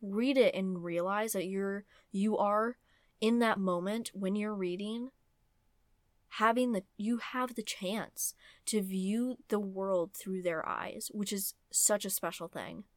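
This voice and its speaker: Young woman, book vlogger, casual rant, animated, lots of fillers, dry close sound. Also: mid-range voice, slow pace, dry recording. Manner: animated, ranting, many fillers. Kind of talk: casual opinionated book talk.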